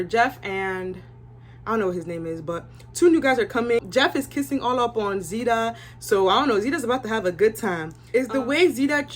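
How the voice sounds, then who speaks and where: A young woman giving a casual, opinionated recap of a reality show, chatting with her viewers and filling her talk with asides. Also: medium pitch.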